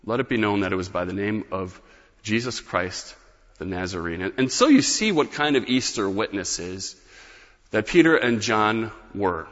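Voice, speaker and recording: A man's voice: fairly low pitch, animated, normal speed, a bit bright. Man, sermon, earnest and emphatic, long hall echo, dull muffled sound. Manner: earnest, emphatic, stresses key words. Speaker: pastor.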